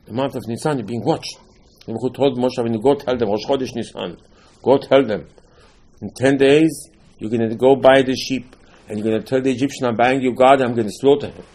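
A man preaches a sermon in a husky voice of ordinary pitch. He acts out the figures in his stories and weaves Hebrew terms into his English. His delivery jumps between raised, emphatic bursts and low, quiet asides. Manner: animated storytelling, acts out dialogue, swings between loud emphasis and quiet asides; sprinkles Hebrew terms into English, nonstandard grammar. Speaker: rabbi.

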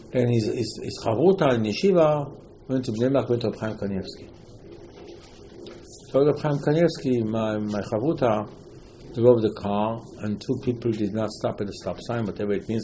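A man's voice: on the low side, moderate pace, pauses often, mellow, a little hiss or hum, rough recording. A man giving an informal religious talk, telling a story with many repetitions and emphatic rising outbursts. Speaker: religious teacher.

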